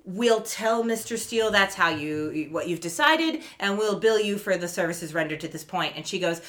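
A woman co-hosting a casual podcast, retelling a TV episode and acting out the characters' lines. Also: mid-range voice. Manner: animated, acts out characters' lines in quick quotes. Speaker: podcast co-host. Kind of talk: casual chat recapping a TV episode.

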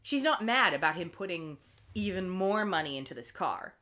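A woman co-hosting a podcast in a casual chat, recapping a TV episode with wry, animated commentary. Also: lowish voice, normal speed. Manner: animated, wry, acts out quotes. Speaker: podcast co-host.

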